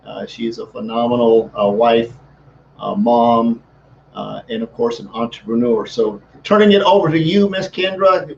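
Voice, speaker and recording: A man's voice: mid-range voice, moderate pace, gravelly. A man hosting a live stream, upbeat and repeating words as he introduces a guest. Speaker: host. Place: Saint Louis. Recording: slightly dull with faint noise.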